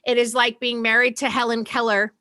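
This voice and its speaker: A woman's voice: a little high, flat delivery, fairly quick, crowd noise. A middle-aged woman doing a stand-up set on a live stream, telling stories about her family with a dry delivery. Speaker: stand-up comedian.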